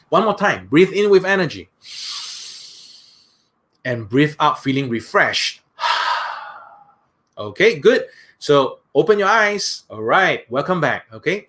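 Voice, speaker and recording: A man's voice: medium pitch, a bit bright. Soothing man. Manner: slow soothing guidance, repeating "that's right" often. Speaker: workshop speaker. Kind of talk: guided breathing exercise and seminar talk.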